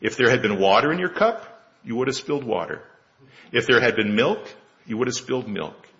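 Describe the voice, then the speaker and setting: A man doing a gentle old sage in a spoken parable, with a gravelly, bright edge to his soft, unhurried voice. The sound is a little dull and lo-fi. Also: medium pitch, sing-song. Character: calm wise old man, gentle and patient.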